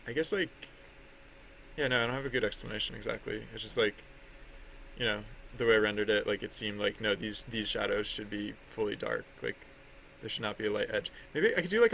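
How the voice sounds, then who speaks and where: A man talks loosely on a livestream while working on a drawing. His voice is bright and edged with gravelly fry. He rambles, trips over his words and keeps laughing at himself, with a faint hiss of noise behind him. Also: lowish voice. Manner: rambling, many fillers and restarts, laughs at himself. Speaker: artist streaming his drawing.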